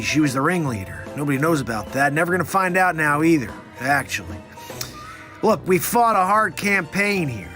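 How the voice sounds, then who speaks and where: A bumbling elderly president gives a rambling, meandering speech, as a man puts him on for comedy. The pitch swings in a lively way and the talk wanders off track. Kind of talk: satirical comedy impression.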